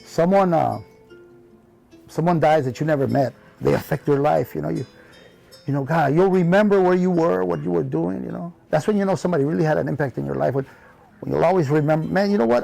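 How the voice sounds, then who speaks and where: A man with a heavily gravelly, dark-toned voice recalls old friends in a reflective interview. He talks in a loose, heartfelt way, leaning on "you know" and slipping into the voices of people he remembers. Faint guitar plays softly underneath. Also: a little high, brisk. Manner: acts out remembered dialogue in his telling. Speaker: interview guest, comedian. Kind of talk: reflective storytelling in conversation.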